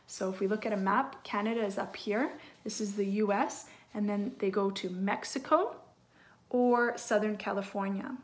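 Gentle woman reading a picture book aloud. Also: medium pitch, fairly even intonation, moderate pace. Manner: gentle, hushed asides to children.

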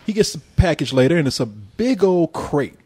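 High-voiced man recapping a movie. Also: normal speed, breathy edge. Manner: animated storyteller who acts out characters' lines. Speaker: film review podcast host. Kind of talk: casual profane movie recap.

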